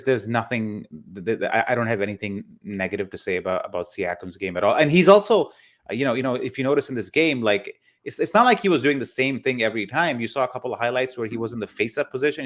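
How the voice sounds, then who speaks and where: A man hosting a live basketball show, giving casual analysis in a halting way, often repeating words as he thinks. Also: medium pitch. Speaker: basketball podcast host.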